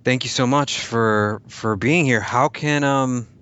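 A man's voice: medium pitch, slow pace, fairly bright tone. A man hosting a podcast, thanking his guest in a hesitant, appreciative way with many restarts. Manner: hesitant, appreciative, repeats words. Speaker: podcast host. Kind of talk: interview wrap-up. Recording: dull lo-fi recording.

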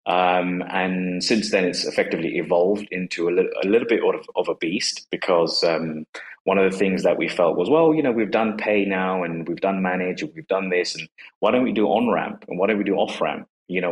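A man with a very low, deep voice talks casually as a guest about his work. He is in his forties and hesitant, his sentences full of fillers, restarts and repeated words. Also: a little fast, poor audio. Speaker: guest, company co-founder. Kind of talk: casual conversation on a live audio space.

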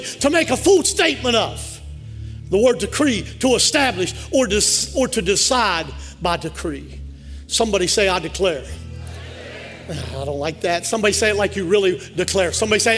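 A male pastor preaching a sermon in a church, leading call-and-response and building up to fervent shouts. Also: very high-pitched. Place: church sanctuary.

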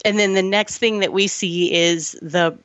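A woman's voice: mid-range voice, fairly even intonation, unhurried, a bit bright, no room sound. An emotional woman co-hosts a podcast about old films and gushes over the story as she retells it. She laughs often and sounds close to tears at times. Her voice sits in a middle register, and the recording is dry and close. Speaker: podcast co-host. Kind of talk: casual film review chat.

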